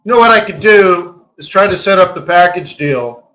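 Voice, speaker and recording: A man hosting a live trading webinar, walking through charts in an animated, joking way with lots of rhetorical questions. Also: high voice, normal speed, poor audio. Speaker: forex market strategist hosting a daily webinar.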